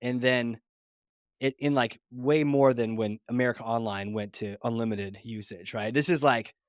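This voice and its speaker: A man's voice: medium pitch, moderate pace, dry recording, studio quality. A middle-aged man telling stories in a casual interview, acting out the voices of people he quotes. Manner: animated storyteller acting out quotes. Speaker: podcast guest, founder.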